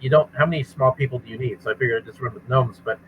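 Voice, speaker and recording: Speaking rapid-fire in a mid-range voice, a game master and game designer runs a tabletop game in casual chat with his players. He restarts and repeats words as he goes, and the audio sounds narrow and tinny.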